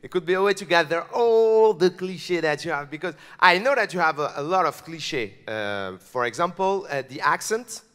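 Man, Parisian French accent, French native, stand-up comedian, playful, high voice, hall reverb. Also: normal speed, hardly any pauses, smooth. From France. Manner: animated, playful. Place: comedy club stage.

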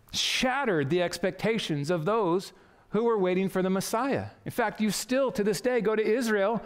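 A pastor preaching an earnest, emphatic sermon in a church. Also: male voice, a little high, clear, resonant tone, long reverb tail. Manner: earnest, emphatic preaching with quotes read aloud. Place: church sanctuary.

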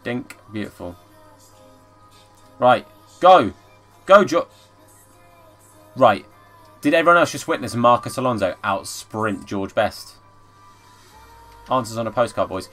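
Chatty streamer, game commentary. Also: male voice, fairly low pitch, unhurried, long pauses. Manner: chatty, bursts into excited shouts at the play. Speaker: gaming streamer. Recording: faint background music.

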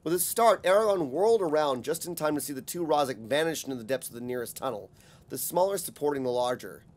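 Steady man reading a fantasy audiobook. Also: a little high, fast. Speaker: audiobook narrator.

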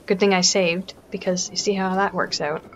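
A woman's voice: medium pitch, steady tone, normal speed, dull audio, a little hiss or hum. Chatty Canadian woman gaming. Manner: chatty, self-mocking, drops to a whisper when sneaking. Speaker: let's play gamer. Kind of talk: casual gameplay commentary.

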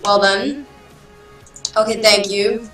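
A woman hosts her own gaming channel, talking through play in a casual, unhurried way. She is excitable and self-mocking, breaking into quick outbursts, at a middle pitch for a woman. Faint music runs underneath. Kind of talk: casual gameplay commentary.

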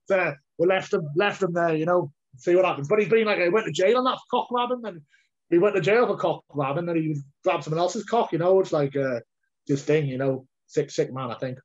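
Rambling fighter, muffled audio. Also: male voice, high voice, brisk. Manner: rambling, repeats words, swears freely. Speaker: heavyweight MMA fighter, guest. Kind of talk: casual storytelling interview. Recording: dull lo-fi audio.

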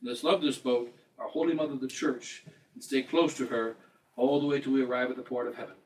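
A man's voice: mid-range voice, steady tone, brisk, recorded from a distance, rough recording. A man preaching a sermon as a bishop, emphatic and repetitive, quoting scripture along the way. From United States.

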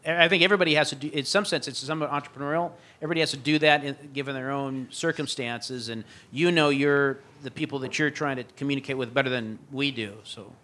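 A man on a faculty panel answering audience questions, pausing and searching for his words. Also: medium pitch, bright, forceful tone. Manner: halting, searches for words mid-sentence. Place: lecture room at an institute.

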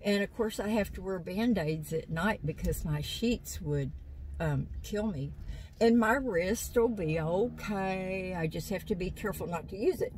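Her voice is medium-pitched, measured in pace and darkish in tone as she talks casually to viewers from a parked vehicle in a parking lot. She rambles through stories and laughs often, and the phone-on-a-stand recording is rough with a little hiss or hum.

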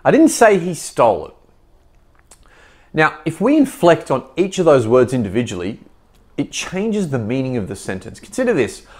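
A man coaching speaking skills, his voice rising and falling freely as he stresses one word after another. He sits at a middle pitch and explains points step by step. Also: big pitch swings, normal speed. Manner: demonstrates stress on words, varied emphasis. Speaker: communication coach. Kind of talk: instructional explanation.

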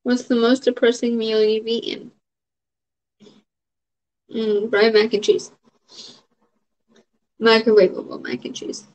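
A woman's voice: fairly high pitch, level tone, slow pace, long pauses, a little mellow. A young adult woman in a casual vlog, answering question prompts in a rambling, frank way with lots of fillers. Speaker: vlogger. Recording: dull lo-fi audio.

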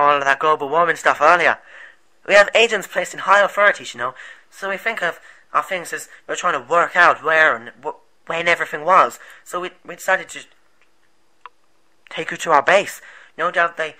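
A man's voice: a little high, a little fast, bright, forceful tone, poor audio. A man playing an earnest, rambling rebel leader. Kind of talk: amateur movie voice acting.

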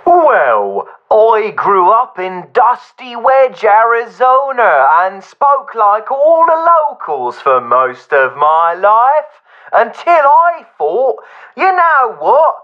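A woman's voice: fairly high pitch, very animated, slow, highs cut off. A woman playing a radio caller from Arizona who drawls in an exaggerated fake English accent. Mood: smug.

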